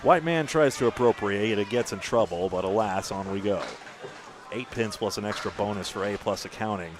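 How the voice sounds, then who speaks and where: A man's voice: on the low side, normal speed, music in the background. Chatty male bowling commentator. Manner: chatty, self-deprecating asides.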